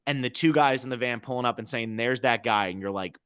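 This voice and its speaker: Brief: young man, podcast co-host, bright tone, lively storyteller. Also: medium pitch, quick pace, clear, resonant tone. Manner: animated storyteller, acts out quotes. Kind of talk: casual movie chat.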